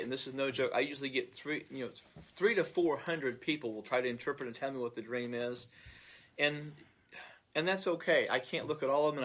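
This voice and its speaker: A man's voice: medium pitch, a bit bright. A man in a medium register tells of a dream without a script. He speaks earnestly, as a pastor would, and stumbles and repeats words while he searches for the right ones. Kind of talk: recounting a dream, unscripted monologue.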